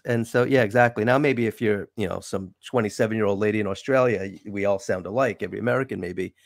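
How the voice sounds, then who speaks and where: A man with a New York accent, born in the city, hosting a casual interview with wry, animated chat. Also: fairly low pitch, quick pace, gravelly, dry recording, clean studio sound. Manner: chatty, wry, animated sign-offs. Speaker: show host.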